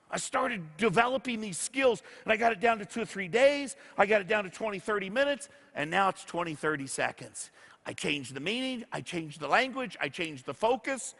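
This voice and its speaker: His voice is high, pushed, and bright as he delivers a motivational speech in an echoey hall. The speaker tells stories to the audience and acts out the dialogue of people he quotes.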